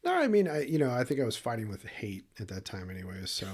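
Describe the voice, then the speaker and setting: A man's voice: medium pitch, big pitch swings, fast, a little mellow. A man co-hosting a podcast, telling a story in a candid, emotional, profane way and laughing often. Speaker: podcast co-host. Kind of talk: casual storytelling chat.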